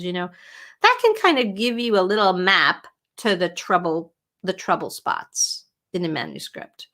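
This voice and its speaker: A middle-aged writing coach hosts a relaxed livestream from her home, chatting animatedly and fielding viewer questions. Her voice sits on the lower side and she takes her time. She's picked up by a webcam or computer mic.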